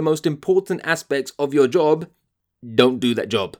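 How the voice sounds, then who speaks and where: A man's voice: fairly high pitch, lively intonation, unhurried, a little mellow. A man hosting a podcast, ranting in an exasperated, profane monologue. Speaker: podcast host.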